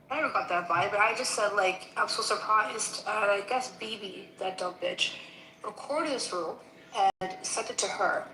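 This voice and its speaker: A woman in casual, heated conversation, animated and indignant, acting out both sides of a quarrel she is retelling. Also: medium pitch. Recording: echoey room with faint noise.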